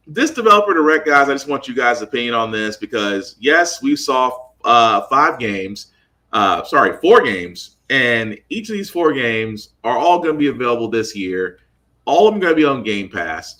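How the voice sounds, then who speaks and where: A man hosts a casual gaming podcast with a lively, bouncing voice. His tone is bright and forceful, and he jumps into the conversation eagerly. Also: mid-range voice. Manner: animated, quick to jump in. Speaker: podcast host.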